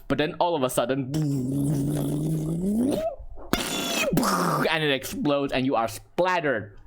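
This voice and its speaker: A man narrating as game master of a tabletop role-playing game, relaxed, chuckling and breaking off his sentences. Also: medium pitch.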